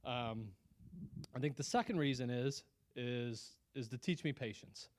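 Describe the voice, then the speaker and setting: Unhurried and medium in pitch, this man speaks as the guest at a Christian lunch meeting. He recounts his personal testimony earnestly and conversationally, restarting his sentences often.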